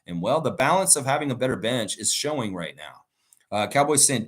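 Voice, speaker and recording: A man's voice: medium pitch, expressive, a little fast, fairly bright tone. A man hosting a casual live stream, chatting loosely and reading viewer comments aloud as he rambles through his thoughts. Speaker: livestream host reading chat. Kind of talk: casual live reaction chat.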